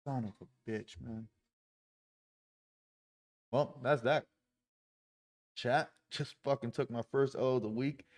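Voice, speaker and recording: A man's voice: medium pitch, steady tone, slow pace, long pauses. A man live-streaming his day trading, talking through his trades with heavy swearing and frustrated outbursts.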